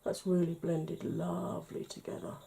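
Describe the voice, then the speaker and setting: A woman's voice: lowish voice, level tone, normal speed, gravelly, mellow, a little hiss or hum. A woman from the United Kingdom chatting through a makeup tutorial and often dropping to a whisper as she works. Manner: chatty, often drops to a whisper while working. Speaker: makeup vlogger.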